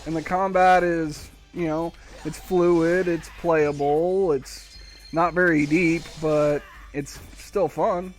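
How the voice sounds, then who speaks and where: A man's voice: high-pitched, creaky, a bit bright. A man streaming a video game live, rambling to himself with wry, casual commentary as he plays. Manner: rambling, self-talking, wry.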